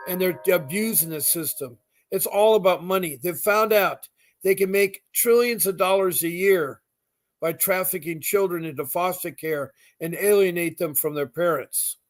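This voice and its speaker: A middle-aged man hosting a talk show, speaking emphatically and harshly, indignant. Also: high-pitched. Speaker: host. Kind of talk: advocacy talk show conversation.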